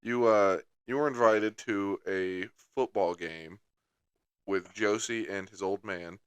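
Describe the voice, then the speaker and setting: A man's voice: lowish voice, slow pace, a bit bright, clean tone, dry recording. A young man co-hosting a podcast, chatting casually in a wry, teasing, profane way. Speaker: podcast co-host. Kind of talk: casual chat. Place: studio.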